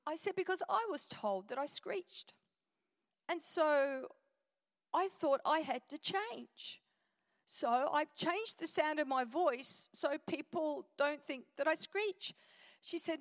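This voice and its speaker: A middle-aged woman giving a lively storytelling talk as guest speaker at a women's church event. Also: high voice, slow. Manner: animated, storytelling. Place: church auditorium. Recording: reverberant church hall.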